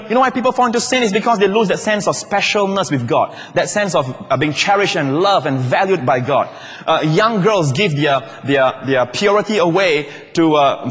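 Man, pastor preaching, higher voice, calls out amen, echoing hall. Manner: lively preaching, calls for amens, asides to the congregation. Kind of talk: sermon.

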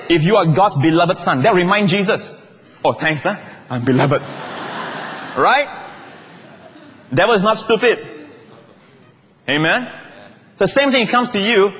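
A pastor with a high voice preaches to his congregation, and a long reverb tail follows his words. Lively in delivery, he calls for amens, makes asides, and asks whether everyone is listening.

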